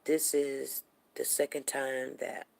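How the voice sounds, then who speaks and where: A middle-aged woman hosting a show, telling a personal story in a casual, animated way and repeating words for emphasis. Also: rumbling low, slow, gravelly. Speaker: show host.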